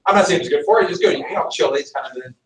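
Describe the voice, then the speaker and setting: A man's voice: on the high side, rapid-fire, a little hiss or hum. A male history teacher lecturing a class and telling a story, acting out the people in it. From Montana, USA. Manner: animated storyteller, voices his characters. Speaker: high school history teacher. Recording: echoey classroom, mic at a distance.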